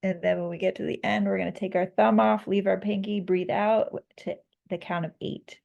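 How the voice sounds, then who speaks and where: A woman leading a guided breathing and self-massage meditation as the teacher, speaking softly and gently, and laughing easily at her own slips. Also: mid-range voice, fairly even intonation, fairly quick, gravelly, highs cut off. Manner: soft, gently guiding, laughs at herself.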